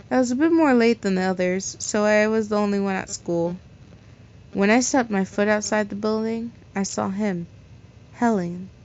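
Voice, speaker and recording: A woman reading a fan fiction story aloud in a casual way, stumbling over words and correcting herself. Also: medium pitch. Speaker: story reader. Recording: slightly dull lo-fi recording.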